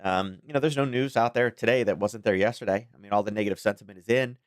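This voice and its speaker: A man's voice: fairly low pitch, quick pace, no echo, clean studio sound. A man hosting a casual daily market commentary stream, talking in a rambling, chatty way with frequent chuckles.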